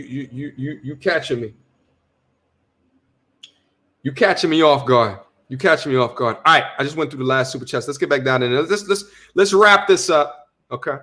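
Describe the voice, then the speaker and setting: A young man hosting a casual livestream, reading viewer chat aloud with slangy shout-outs and repeating his points. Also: mid-range voice. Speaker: livestream host.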